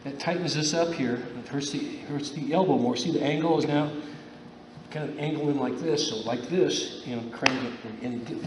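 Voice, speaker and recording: A man's voice: on the high side, normal speed. A man teaching a judo class on the mat, talking in a loose, repetitive coaching way and checking in with "okay?" after each step. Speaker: judo instructor. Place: gym mat room. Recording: echoey room from far off with faint hiss.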